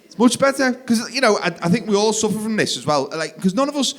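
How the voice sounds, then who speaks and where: Animated stand-up comic. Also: male voice, high voice, fast talker. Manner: animated, jumps into loud shouted voices for the kids. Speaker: stand-up comedian. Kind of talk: live stand-up comedy. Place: theatre stage. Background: audience laughter.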